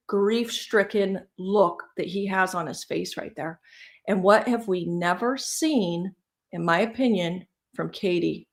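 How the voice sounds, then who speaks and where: A woman hosting a casual live-stream, talking opinionated and animated while reading and answering her live chat. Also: medium pitch, gravelly. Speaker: livestream true-crime commentator.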